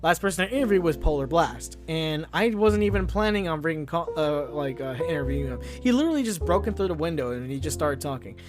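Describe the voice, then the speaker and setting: A man's voice: lively intonation, quick pace, hardly any pauses, music in the background. Rambling, hesitant male podcast host. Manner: rambling, hesitant, low-key. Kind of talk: casual rambling monologue.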